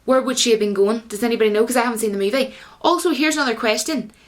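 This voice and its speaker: A woman with a fairly high voice talks casually to her vlog audience. She rambles from point to point and keeps turning to her viewers with rhetorical questions. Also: rapid-fire. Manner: addresses viewers as guys. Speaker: YouTuber.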